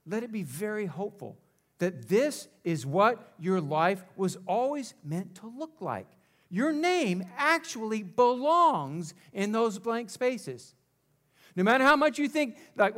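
High-voiced male pastor preaching. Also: sing-song, measured pace, fairly bright tone. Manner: rhetorical questions, call-and-response with congregation. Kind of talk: sermon.

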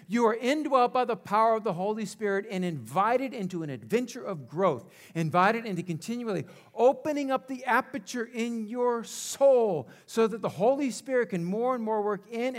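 A male pastor preaching a sermon, asking rhetorical questions and leading the congregation in call-and-response. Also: extremely high pitch.

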